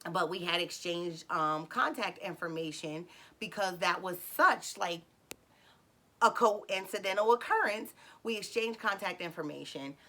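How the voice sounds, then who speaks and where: Bright-voiced woman telling a story. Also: fairly low pitch, measured pace. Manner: animated, acts out what people said; talks to viewers directly. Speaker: vlogger telling a personal story. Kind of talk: casual storytime monologue.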